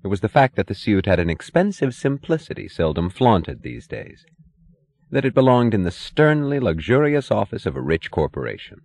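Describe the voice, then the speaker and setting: A man narrating a novel as an audiobook, with a measured, even reading. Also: fairly low pitch.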